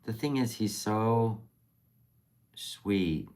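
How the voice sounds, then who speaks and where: A middle-aged woman with a very low voice chats casually on a livestream. She speaks slowly and unhurriedly, often trailing off mid-thought. Her talk is tender, rambling and openly emotional. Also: animated, a little mellow. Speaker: livestream host.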